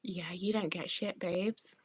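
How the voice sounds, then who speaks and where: A woman's voice: fairly low pitch, steady tone, takes it slowly, slightly rough, no echo. A young woman with a Northwest English accent, chatting casually and self-mockingly with viewers from her home, with plenty of swearing. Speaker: streamer. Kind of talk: casual livestream chat with viewers.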